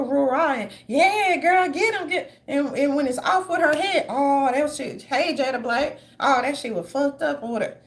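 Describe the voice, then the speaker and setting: Blunt high-pitched woman ranting. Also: creaky. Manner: blunt, profane, mocking quoted voices. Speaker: commentary channel host. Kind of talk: casual opinion monologue.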